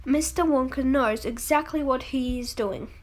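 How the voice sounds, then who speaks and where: A calm, loyal old grandfather, read aloud by a woman. The storybook voice stays high and plain. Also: normal speed, natural voice.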